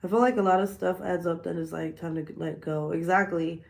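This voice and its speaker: Gravelly woman chatting, sick and coughing. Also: lowish voice, fairly even intonation, a little fast, echoey room. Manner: profane, joking, rambling. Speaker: vlogger hosting a hangout livestream. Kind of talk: casual chat.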